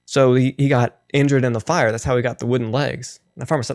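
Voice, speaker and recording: Casting: male streamer, mid pitch, playful storytelling, dry close mic. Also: fairly even intonation, fast talker, darkish tone, no room sound. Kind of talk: telling a joke on a livestream.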